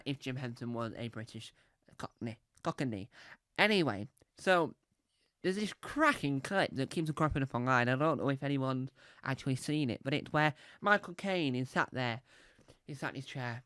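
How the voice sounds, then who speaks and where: A man working through a loose, playful stand-up set, tripping over restarts and fillers as he goes. His pitch swings in a lively, animated way, and the recording is close and dry. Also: normal speed, clear, resonant tone, no echo. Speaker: stand-up comedian. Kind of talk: rambling stand-up routine. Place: comedy club stage.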